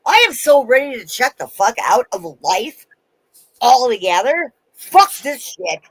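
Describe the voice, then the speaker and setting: A woman's voice: a little high, big pitch swings, slightly rough, no echo, poor audio. A woman ranting angrily in casual talk, swearing heavily and breaking off and restarting her sentences. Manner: fast restarts and trailing-off sentences. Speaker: vlogger. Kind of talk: angry casual rant.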